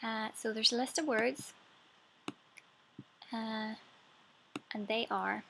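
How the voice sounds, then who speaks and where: A young woman with a broad Northern Irish accent from Coleraine talks to camera in an easygoing, self-deprecating way. She takes her time, reading a list of words one by one at a slow, relaxed pace and dropping her T's. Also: fairly high pitch, vocal fry, rough recording. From Northern Ireland. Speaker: vlogger. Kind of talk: casual accent-tag video, reading a word list.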